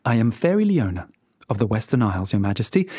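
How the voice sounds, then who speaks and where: A storybook reader voicing a kind young female fairy who speaks softly and gently. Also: medium pitch, big pitch swings, quick pace, husky, no echo, studio quality. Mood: reassuring. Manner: soft, gentle.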